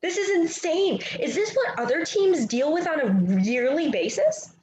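A woman's voice: sits high, lively intonation, measured pace, echoey room, lo-fi sound, background noise. A woman co-hosting a casual sports chat, telling stories emotionally and laughing easily. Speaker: podcast co-host.

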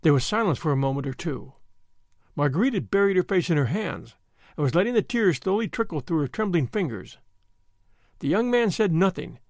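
A man narrating a classic novel in an expressive, dramatic reading voice. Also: fairly high pitch, a little fast, creaky, no echo, clean studio sound. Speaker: audiobook narrator.

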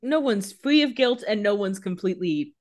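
A woman's voice: mid-range voice, expressive, normal speed. Woman cohost jumping in w/ jokey paraphrases, casual show recap. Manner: chimes in with playful paraphrases and laughs. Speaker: podcast co-host.

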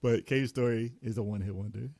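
A man's voice: on the low side, steady tone, fast talker, darkish tone, no room sound. A man in casual podcast chat about video games, laughing often while running through a list.

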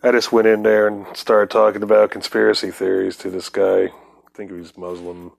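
A man's voice: on the low side, completely flat delivery, a little fast, gravelly, darkish tone. A man telling a rambling, profane story on his podcast, laughing now and then. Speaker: podcast host. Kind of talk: casual storytelling monologue.

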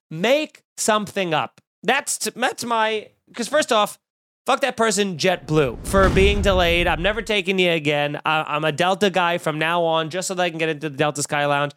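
A man tells a story on a podcast in a loose, ranting way, piling on exaggerations and jokes. His voice sits high for a man. The sound is dry and close, with no room around it. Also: no room sound. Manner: animated ranting, exaggerated and jokey. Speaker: podcast co-host. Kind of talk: casual storytelling chat.

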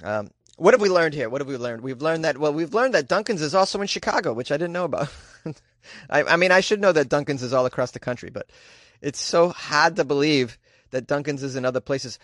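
Host type, man, riffs on news with rhetorical questions, fairly high voice, dry close sound. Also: animated, fairly quick, a bit bright, dry recording. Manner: rambling, rhetorical questions, joking. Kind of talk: casual news commentary.

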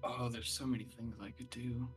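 A man playing a tabletop game, stating his character's actions in a calm, matter-of-fact way. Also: mid-range voice, moderate pace, soft background music. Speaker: player. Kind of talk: casual tabletop play.

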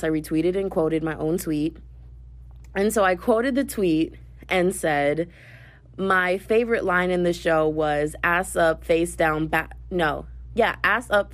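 A young woman with a twang rambles through her day in a casual voice-note podcast. Her voice sits on the lower side and the phone recording sounds dry and close, with no room around it. She gushes and gets carried away as she talks. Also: dry recording. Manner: chatty, excitable, gushing storyteller. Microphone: phone voice memo.

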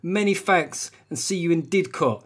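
A man's voice: moderate pace, husky. A man putting on a South London accent as a cocky young streetwise man reading his own review. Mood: swaggering. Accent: put-on South London. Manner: slangy, swaggering, high-pitched.

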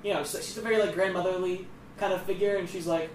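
A man's voice: high-pitched, steady tone, fast. A young man co-hosting a casual chat podcast, rambling with many fillers and acting out quotes. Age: young adult. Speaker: co-host. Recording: roomy echo, distant mic, faint noise.

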